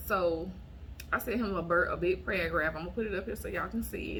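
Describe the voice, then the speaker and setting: A woman's voice: lowish voice, fast talker, slight background noise. Blunt woman telling a dating story. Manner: blunt, animated, quotes herself in raised voice. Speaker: storytime vlogger. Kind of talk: casual storytelling to camera.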